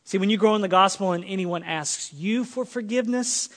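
A male pastor preaching an earnest sermon, swinging between loud emphatic lines and soft quiet ones. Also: sits high, a little fast, in a large hall.

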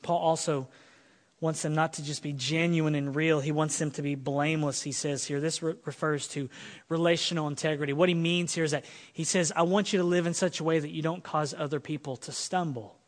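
A male pastor preaching an earnest sermon, swinging between loud emphatic lines and soft quiet ones. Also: on the high side, fairly even intonation, a little fast, long reverb tail.

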